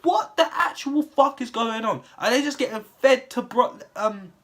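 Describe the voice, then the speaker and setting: A man's voice: extremely high pitch, lively intonation, normal speed, fairly bright tone. A young man delivering a heated, profane rant with exasperated rhetorical questions. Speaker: wrestling commentary vlogger. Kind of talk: profane ranting monologue.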